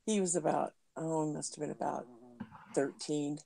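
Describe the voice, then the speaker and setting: A woman's voice: low voice, steady tone, normal speed, vocal fry, warm tone. A middle-aged woman, chatting and laughing as she tells family stories. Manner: chatty storyteller, amused, laughing. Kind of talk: casual chat.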